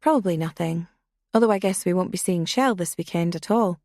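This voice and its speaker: A woman's voice: on the low side, fairly quick, a little mellow, no echo, clean studio sound, natural voice. A woman voicing a nervous young woman who reacts sharply and incredulously. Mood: uneasy.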